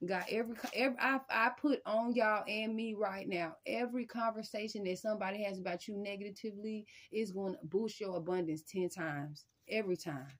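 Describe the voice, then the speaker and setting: A woman giving a casual spiritual tarot reading in a slangy, emphatic way. She keeps repeating phrases to her viewers and breaks into sudden loud, high bursts. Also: a little fast, hardly any pauses. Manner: emphatic, repeats "y'all" and "I'm telling you". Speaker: tarot reader.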